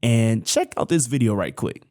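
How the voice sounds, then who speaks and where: A man's voice: mid-range voice, lively intonation, normal speed, background noise. A young man hosting his own show, chatting about his college days in a casual, talkative way and addressing listeners as "y'all". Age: young adult. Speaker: host. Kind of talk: casual personal storytelling.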